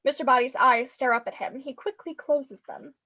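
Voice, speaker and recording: Stage directions are read by a high-voiced woman narrator whose tone is bright and forceful, her manner brisk and a bit wry. The recording is dull and lo-fi, much like video call audio.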